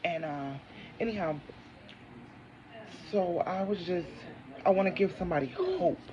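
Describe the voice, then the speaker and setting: A woman's voice: lowish voice, lively intonation, unhurried, muffled recording, a crowd in the background. A woman in her thirties, a single mother talking to her viewers at home, mixing casual chat with declarations of faith. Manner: preachy, declaring faith, talks to viewers as honey. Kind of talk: casual testimony vlog. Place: home, indoors.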